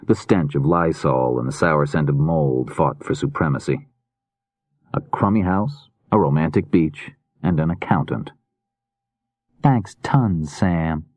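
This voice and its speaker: A man reading a mystery novel aloud in a measured, steady narration. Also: extremely low pitch, dry recording. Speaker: audiobook narrator. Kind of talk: scripted narration.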